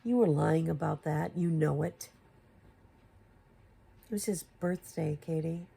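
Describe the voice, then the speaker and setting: Taking it slowly, a woman with a low, creaky, warm, husky voice fires rhetorical questions at another creator. Her YouTube commentary is confrontational and builds to exasperated emphasis.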